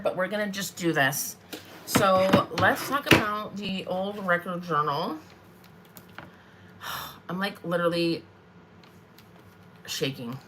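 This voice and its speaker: A woman's voice: medium pitch, noisy background. A woman in her forties chatting in a rambling way with lots of fillers as she hosts a live craft stream from her desk. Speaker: craft vlogger.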